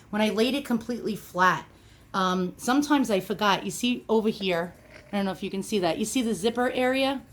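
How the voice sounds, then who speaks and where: New York woman, mid-pitched, casual how-to demo, chatty with fillers. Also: fairly bright tone. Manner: chatty, with frequent ums and uhs. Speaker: product demonstrator.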